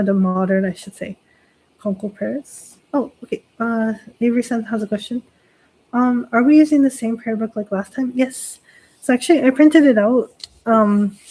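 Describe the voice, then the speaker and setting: A woman's voice: on the high side, mellow, husky, low-quality recording. A woman who is a Shinto priestess, hosting a casual livestream chat and explaining chanting to her viewers in a chatty, reassuring way, full of "like" fillers and light laughs. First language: not Japanese. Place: lives in Japan.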